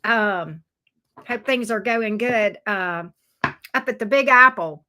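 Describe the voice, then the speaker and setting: Bright-voiced woman reading tarot live. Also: medium pitch, slow. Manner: chatty, folksy, talks straight to viewers. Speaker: tarot reader, stream host.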